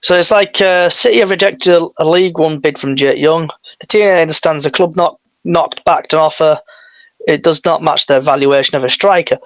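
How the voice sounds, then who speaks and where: Chatty man, fairly high voice. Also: moderate pace, dry recording, rough recording. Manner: chatty, leading questions. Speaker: podcast co-host. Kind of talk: casual fan chat.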